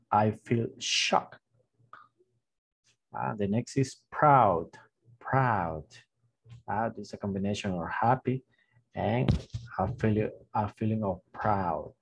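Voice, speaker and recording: A man with a somewhat low, husky voice teaches a beginners' lesson online. He speaks very slowly, repeating each word several times with small hesitations and fillers. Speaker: English teacher. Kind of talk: slow online language lesson with gestures.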